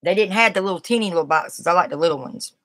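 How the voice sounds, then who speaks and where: A woman's voice: lowish voice, fast talker, fairly bright tone, no echo. A woman from the Southern US with a Southern accent, rambling in a folksy way as she chats live with her viewers and answers their comments. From Southern United States. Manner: rambling, folksy, reacts to chat. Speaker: live streamer. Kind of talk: casual live-stream chat.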